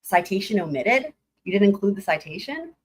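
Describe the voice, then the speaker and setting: A woman's voice: mid-range voice, big pitch swings, a little fast, slight background noise. A woman streaming live trial commentary, reading legal filings aloud and breaking in with incredulous, sarcastic asides.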